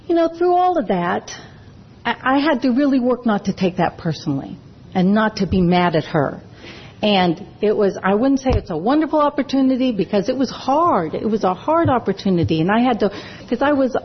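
Earnest woman sharing, husky lo-fi. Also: medium pitch. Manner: earnest, halting with many restarts. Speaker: recovery program speaker. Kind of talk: personal sharing talk. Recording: dull lo-fi recording.

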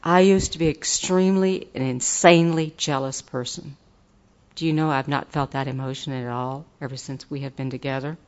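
A woman's voice: a bass voice, fairly even intonation, moderate pace, a little mellow. Folksy older woman, muffled. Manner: earnest, folksy, turns enthusiastic and laughing. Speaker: recovery meeting speaker. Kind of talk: personal testimony talk.

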